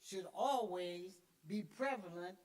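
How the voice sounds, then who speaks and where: A woman's voice: mid-range voice, slow pace, darkish tone. A middle-aged woman teaching a church Sunday school class, emphatic and conversational, repeating key words and answering herself with little affirmations. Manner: conversational with call-and-response fillers.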